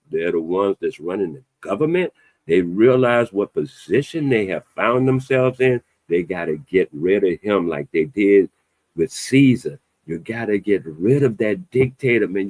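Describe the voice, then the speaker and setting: A man talks in a loose, opinionated podcast chat. His low voice swings widely up and down as he drives his points home. The sound is close and dry. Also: no echo. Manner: animated, emphatic, loose conversational delivery with a playful edge. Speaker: podcast host.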